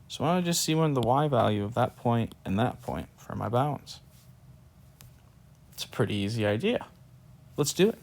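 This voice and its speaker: A math teacher with a medium-pitched, gravelly voice teaches calculus casually in a screen-recorded lesson, talking through each step as he writes. He sounds sleepy and yawns.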